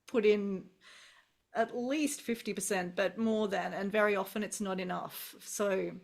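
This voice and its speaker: A middle-aged woman with an Australian accent talks in a relaxed, musing way over a video call. Her voice sits at an ordinary middle pitch. She circles back and restarts as she works through her thoughts. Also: a little slow, creaky. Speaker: English teacher guest. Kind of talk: casual video call conversation.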